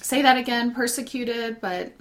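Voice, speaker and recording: A woman's voice: medium pitch, a little slow, a bit bright. A woman hosting a faith talk show, affirming and encouraging as she interviews a guest. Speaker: host.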